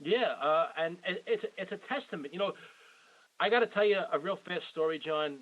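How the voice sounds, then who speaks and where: A man in his forties hosts a casual interview, gushing with praise and circling back over his own words. His voice sits a bit high for a man. The sound is dull and muffled, like a low-fidelity call. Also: brisk. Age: 40s. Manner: effusive, rambling, repeats himself. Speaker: podcast host.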